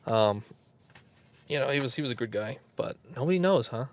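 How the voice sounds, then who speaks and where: A man's voice: mid-range voice, expressive, brisk. A man hosting a casual livestream, rambling, chuckling and answering viewers in the chat. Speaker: YouTube host.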